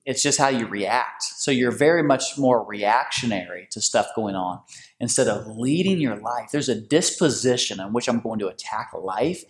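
Animated preacherly man. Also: normal speed. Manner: animated, preacherly, big swings in pitch. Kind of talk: faith-based conversation. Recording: echoey room.

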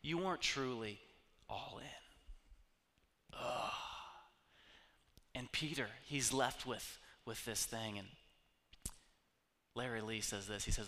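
A man preaching a sermon, telling stories with humor and swinging from loud bursts to hushed asides. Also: mid-range voice, slow, pauses often. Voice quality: animated, jokey storytelling with sudden loud bursts and hushed asides. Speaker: pastor. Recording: long reverb of a large hall.

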